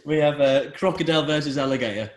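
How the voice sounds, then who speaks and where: A man's voice: fairly high pitch, fast talker, slight background noise. A man hosting a casual podcast chat, reading out facts with a dry, teasing delivery. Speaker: podcast host. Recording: echoey room.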